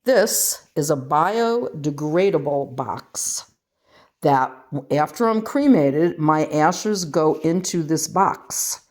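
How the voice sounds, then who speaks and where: A woman's voice: low-pitched, lively intonation, takes it slowly, darkish tone. An older woman from the western United States, filming a rambling, self-mocking home vlog and reading aloud from a label. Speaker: vlogger.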